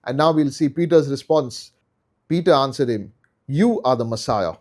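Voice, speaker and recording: A man's voice: medium pitch, animated, moderate pace, darkish tone. A man teaching a Bible study in an earnest way, repeating key phrases for emphasis.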